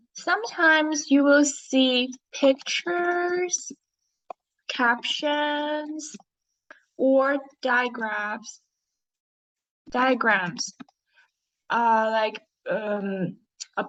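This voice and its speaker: A woman teaching an online English class, with a Chinese accent. She speaks slowly and clearly and keeps asking her pupils questions. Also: on the high side, fairly bright tone. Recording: dull lo-fi audio.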